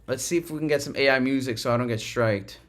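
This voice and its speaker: A man's voice: mid-range voice, fast talker, fairly bright tone. A man hosting a live trading stream, talking loosely and with profanity about the market and reading chat, breaking into chanted rap lines and muttering to himself. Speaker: livestream trader host.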